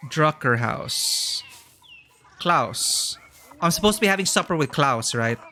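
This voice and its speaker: A man's voice: on the high side, wildly swooping pitch, slow, sharp tone, a little hiss or hum. A man streaming a story game, chatting casually and thinking aloud with lots of fillers. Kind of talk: casual live-stream chat.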